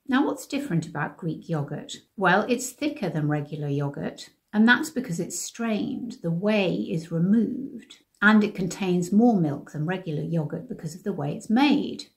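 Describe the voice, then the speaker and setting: A woman's voice: fairly low pitch, animated, measured pace, few pauses. A woman, sharing diet tips in a chatty, emphatic way as a lifestyle vlogger. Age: 60s. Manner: warm, conversational, emphatic.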